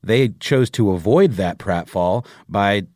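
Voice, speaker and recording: A middle-aged man chatting casually as a podcast co-host, his low voice swinging widely in pitch. He wanders through thoughts with lots of fillers and restarts. The sound is close and dry, with no room behind it. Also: slow, no echo. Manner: animated, rambling with many fillers and restarts. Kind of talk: casual chat.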